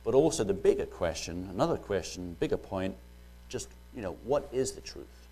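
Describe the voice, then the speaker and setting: A man's voice: sits low, lively intonation, normal speed, warm tone. A man with a British accent preaching a sermon, first joking lightly, then reading Bible verses and explaining them earnestly.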